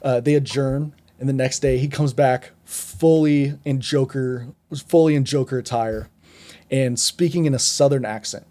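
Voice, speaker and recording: A man with a dark, mellow voice talks through a film in a loose, casual review. He rambles, backtracks and restarts as he rants on. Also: medium pitch, steady tone, moderate pace. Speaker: podcast co-host. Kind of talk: casual movie review chat.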